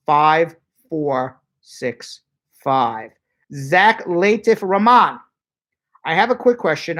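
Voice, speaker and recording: A man who is an immigration lawyer, hosting a live-stream Q&A and reading viewer questions aloud in a brisk, chatty way. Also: a little high, a bit bright. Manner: brisk and chatty, spells out phone numbers slowly.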